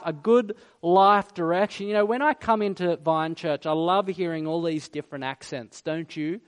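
A man preaching a sermon in church, lively and playful while telling stories, then hushed and solemn when he prays. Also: sits high. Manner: animated, playful storytelling that turns quiet and solemn in prayer. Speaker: pastor. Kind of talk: sermon and prayer.

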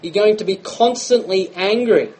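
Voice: mid-range voice, moderate pace, a little mellow, low-quality recording. A preacher, giving a conversational sermon full of rhetorical questions.

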